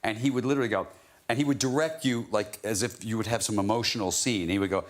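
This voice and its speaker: A man telling an anecdote as a talk show guest, animated and acting out quotes. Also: on the low side, quick pace. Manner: animated storyteller, acts out quotes. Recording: TV studio with audience noise.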